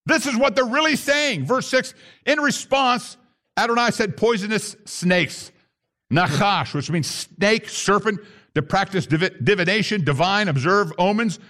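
A man's voice: high-pitched, animated, unhurried, fairly bright tone. A man preaching a sermon to his congregation, reading scripture and acting out the grumbling voices. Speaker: pastor.

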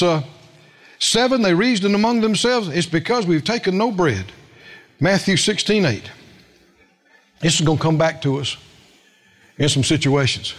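A middle-aged man preaching a sermon, telling stories and asking the congregation questions. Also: on the high side. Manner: animated storytelling preacher, asks the congregation questions. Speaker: pastor.

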